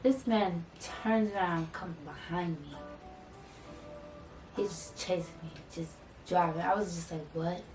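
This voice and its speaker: A young woman vlogger telling a dramatic storytime, acting out quoted dialogue in a lively way. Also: lowish voice, measured pace. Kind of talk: storytime vlog. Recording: roomy echo from a distant mic with faint music.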